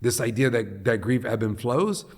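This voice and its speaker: A middle-aged man from Long Beach, California, talking as a guest on an interview podcast in an earnest, animated way. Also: medium pitch, moderate pace. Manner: earnest and animated, often acting out what people say. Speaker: guest, head of a nonprofit.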